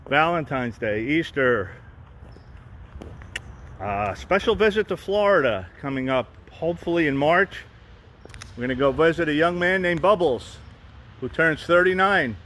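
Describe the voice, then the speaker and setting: A man's voice: fairly high pitch, expressive, a little slow, pauses often, a bit bright. A man live-streaming from a phone outdoors, rambling casually with frequent restarts and asides. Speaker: vlogger and fan group host.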